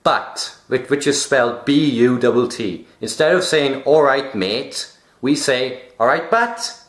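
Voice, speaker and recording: A man's voice: medium pitch, a little slow. A young man from Wales with a Welsh accent, chatting casually with wry, jokey asides. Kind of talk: casual chat. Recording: roomy echo.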